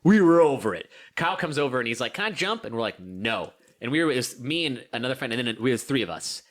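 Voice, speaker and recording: A man's voice: medium pitch, fast talker. A young man telling a story on a casual podcast, laughing often and acting out voices. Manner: animated, laughing, acts out voices in stories. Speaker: podcast co-host.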